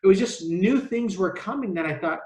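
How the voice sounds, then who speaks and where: A middle-aged man who owns a travel agency tells stories as a guest on a podcast, in a casual interview recorded in an echoey room. He speaks in a high, animated, darkish voice at a fairly quick pace, rambling, restarting often, and filling gaps with fillers.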